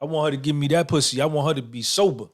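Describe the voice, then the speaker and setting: Speaking very fast in a fairly high voice, a man in his fifties hosts a livestream podcast. He responds to his chat with boastful, profane, streetwise talk.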